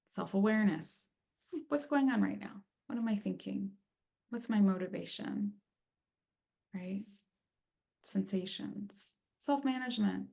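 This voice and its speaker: Middle-aged woman, gravelly edge, casual webinar speaker with many fillers. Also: medium pitch, warm tone. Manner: conversational, frequent fillers. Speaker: speaker on leadership and empathy. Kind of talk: webinar talk with Q&A.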